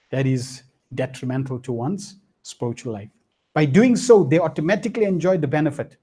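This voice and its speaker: Male spiritual teacher; mellow, husky, lively storyteller. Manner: lively, swinging pitch, slangy asides and frequent "hmm?". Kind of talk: scriptural class with storytelling.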